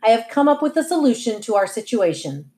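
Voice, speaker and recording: A woman's voice: on the high side, big pitch swings, fairly quick, mellow. A woman reading aloud, voicing a stern, determined suburban mother who speaks in clipped, firm lines.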